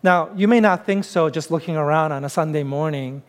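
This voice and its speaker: High-voiced man preaching conversationally. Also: a little fast. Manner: conversational, emphatic preaching with self-deprecating humor. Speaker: pastor. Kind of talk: sermon.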